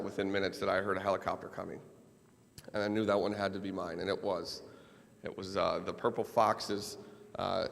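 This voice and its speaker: His voice is low-leaning, gravelly and a bit bright as this Minnesotan keynote speaker recounts a personal story with wry self-deprecation. The large event hall adds a long reverb.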